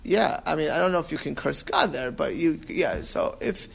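A man's voice: fairly high pitch, animated, normal speed, creaky, breathy edge. A man teaching an informal class on prayer, rambling and restarting with emphatic asides. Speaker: rabbi teaching about prayer.

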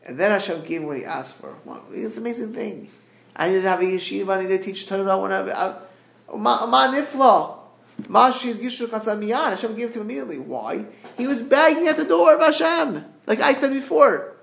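High creaky-voiced man teaching Torah. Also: animated, a bit bright, reverberant. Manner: earnest, halting, quotes Hebrew verses then translates. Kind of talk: Torah class given over a group call. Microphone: group call line.

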